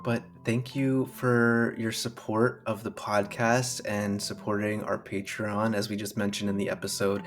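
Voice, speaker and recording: Laid-back man co-host, speaks to listeners directly, stumbles now and then, low voice. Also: measured pace, hardly any pauses, soft background music. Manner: relaxed, addresses listeners directly, trips over words. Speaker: podcast co-host. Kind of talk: casual chat.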